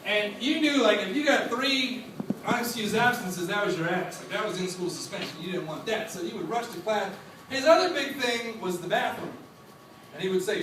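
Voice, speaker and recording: A man telling a funny story to a live audience, animated and laughing, acting out other people's voices. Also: high voice, normal speed, distant mic, slight background noise. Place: stage before a live audience. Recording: echoey hall, voice from off mic.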